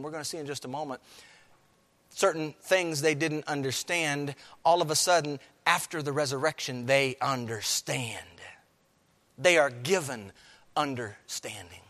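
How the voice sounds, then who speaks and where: High-voiced pastor preaching, big echoey church hall, goes quiet then loud. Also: male voice, fairly even intonation, brisk. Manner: preaching, rising and falling with emphasis, addresses the congregation. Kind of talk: sermon.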